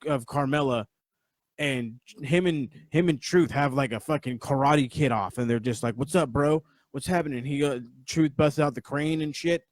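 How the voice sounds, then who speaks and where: A man's voice: fairly high pitch, no room sound, clean studio sound. A man hosting a podcast, giving a casual, rambling, profane review of a wrestling event on a live stream. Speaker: podcast host.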